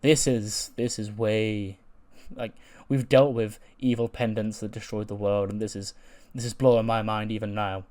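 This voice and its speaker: A man's voice: on the low side, level tone, moderate pace, a little mellow, natural voice. A man doing a stammering, worried wrestler friend. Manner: hesitant, stammering.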